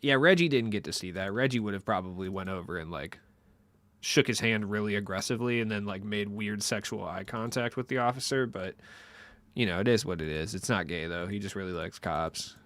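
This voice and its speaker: A man's voice: lowish voice, fairly quick, a bit bright, no room sound. A young man chatting casually with his stream viewers in a loose, rambling, profane way.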